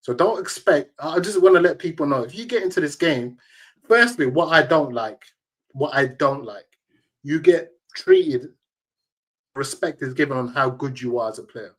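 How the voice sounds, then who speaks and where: A man's voice: fairly high pitch, sing-song, moderate pace, fairly bright tone. A man, a tournament organizer telling emphatic, slang-heavy stories as an interview guest. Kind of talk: casual interview storytelling.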